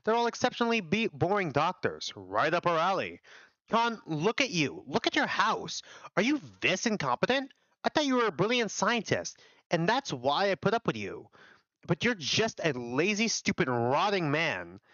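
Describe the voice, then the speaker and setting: A man's voice: sits high, wildly swooping pitch, normal speed, pushed and bright, no room sound, muffled recording, full character voice. A man voicing a harsh male colleague who scolds and insults someone with open contempt. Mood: scolding. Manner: berating, contemptuous.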